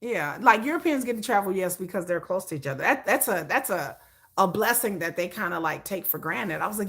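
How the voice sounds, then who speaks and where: Animated woman hosting a livestream. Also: medium pitch, a little fast, creaky. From United States. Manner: animated, opinionated, laughs often. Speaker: livestream host. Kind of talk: casual livestream chat.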